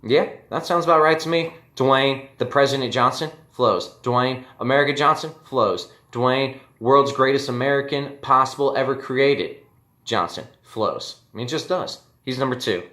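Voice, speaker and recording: A man's voice: medium pitch, normal speed, sharp tone, roomy sound. A man hosting a casual fantasy baseball league recap, brash and joking, talking straight to his league mates and swearing freely. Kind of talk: casual solo commentary.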